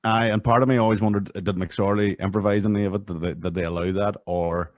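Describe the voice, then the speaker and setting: A man with a Northern Irish accent hosting a comedy podcast, chatting with quick, sweary banter. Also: fairly low pitch, steady tone, dry recording. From Northern Ireland. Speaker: podcast host. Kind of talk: casual comedy chat.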